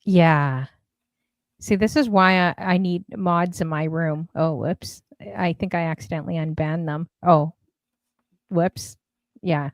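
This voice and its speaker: A woman's voice: on the low side, steady tone, takes it slowly, no echo. Chatty woman host. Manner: chatty, scattered, giggly. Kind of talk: casual live-stream interview.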